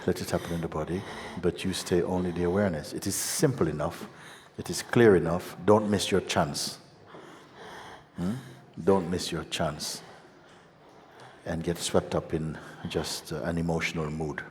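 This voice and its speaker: A man giving a satsang teaching as a spiritual teacher, gentle and unhurried, often breaking into laughter. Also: low-pitched, fairly even intonation, slight background noise. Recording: long hall reverb with faint ambience.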